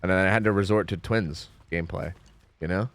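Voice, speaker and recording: A man's voice: deep voice, fairly even intonation, fairly quick, fairly bright tone. A young American man chatting casually and profanely while streaming a game, reading chat aloud.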